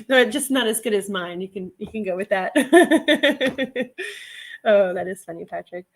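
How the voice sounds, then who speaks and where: Speaking a little slowly in an expressive, mid-range voice, a middle-aged reseller chats casually on her livestream. She reads viewer comments, laughs often and wanders off into tangents.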